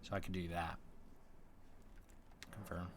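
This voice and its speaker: A man's voice: low voice, flat delivery, a little slow, slight background noise. A man streaming a game for the first time, thinking aloud in a casual, unsure way as he works through menus. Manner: thinking aloud, unsure, mumbling menu names. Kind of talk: casual gameplay chat.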